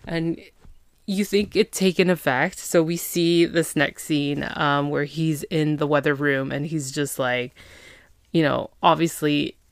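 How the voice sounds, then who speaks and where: Low-voiced woman chatting through a recap. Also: dry recording. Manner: chatty, filler-heavy, acts out the characters' lines. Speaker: podcast host. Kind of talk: casual TV episode recap.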